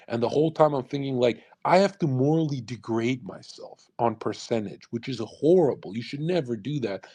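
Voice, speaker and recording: A young man holds forth on a live stream in a blunt, intense rant, swearing often. He slips into other people's voices to act out what they said. His voice sits at a middle pitch and comes through a desktop condenser mic. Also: a little fast, hardly any pauses, warm tone, breathy edge. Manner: acts out quoted people in changed voices. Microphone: USB condenser studio mic.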